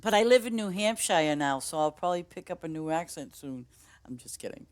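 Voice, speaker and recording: A woman's voice: on the low side, animated, a little fast. A woman with a Boston accent chatting casually with her stream viewers in a rambling, easygoing way, laughing often. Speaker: game streamer.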